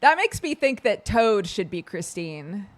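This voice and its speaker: A woman's voice: medium pitch, big pitch swings, measured pace. A woman streamer chatting casually on a livestream, laughing often and playfully breaking into song. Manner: playful, bursts into sung lines.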